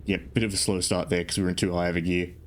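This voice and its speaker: A man's voice: low voice, level tone, racing, a little hiss or hum. A sleep-deprived man streaming a driving game, rambling casually with self-deprecating jokes. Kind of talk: casual gameplay commentary.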